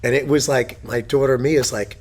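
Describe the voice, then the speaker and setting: A middle-aged man hosting a podcast, telling stories in a loud, animated, profane way and laughing often. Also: mid-range voice, normal speed. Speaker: podcast host. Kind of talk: casual chat.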